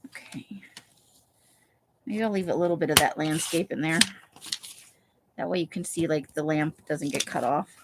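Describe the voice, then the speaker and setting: A woman's voice: sits low, normal speed, long pauses, noisy background. A woman hosting a live craft session, chatting casually and thinking aloud while she cuts pictures from magazines. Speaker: craft livestream host. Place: home craft room, Las Vegas.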